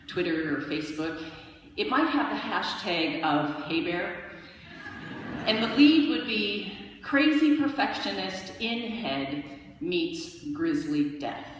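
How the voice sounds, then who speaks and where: A woman's voice: mid-range voice, a little hiss or hum. Wry woman telling a story in a hall. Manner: wry, self-mocking, pausing for laughs. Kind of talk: live storytelling on stage. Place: large hall with a live audience. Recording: distant echoey hall recording. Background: audience laughter.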